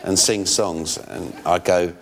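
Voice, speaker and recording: A man's voice: steady tone, slow, gravelly, slight background noise. A man in his late thirties, a comedian guest on a chat show, talking jokily and slipping into character voices. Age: 30s. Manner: jokey, slips into squeaky character voices. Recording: TV studio with audience.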